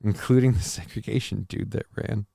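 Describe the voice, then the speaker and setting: A man's voice: lowish voice, steady tone, normal speed, vocal fry, warm tone, slightly rough, dry recording, studio quality. Defensive, rambling man livestreaming to chat. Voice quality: voice cracks. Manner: defensive, rambling, swears casually. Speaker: livestream host reading chat. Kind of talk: casual live-stream chat.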